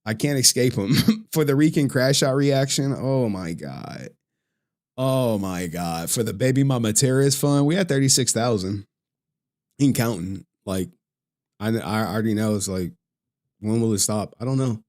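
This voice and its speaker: A man's voice: mid-range voice, normal speed, a little mellow. A man chatting casually on a live stream, loose and profane, laughing often and reading out chat messages.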